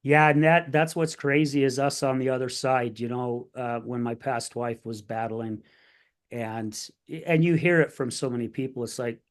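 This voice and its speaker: Guy hosting a recovery podcast, mid-pitch, lots of "you know" and repeats. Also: steady tone, normal speed. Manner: supportive, repeats words, fillers like you know. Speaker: podcast host. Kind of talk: conversational interview.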